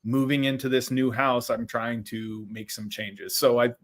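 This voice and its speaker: A man co-hosting a podcast, telling stories in a relaxed, laughing way. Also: medium pitch, normal speed. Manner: laid-back, laughing storyteller. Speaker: podcast co-host. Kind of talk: casual chat.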